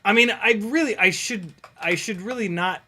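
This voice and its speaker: A man chatting casually while flying a drone on a live stream, excitable, laughing and swearing, talking to his dog. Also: sits high, moderate pace, a little hiss or hum. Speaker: FPV drone pilot and streamer.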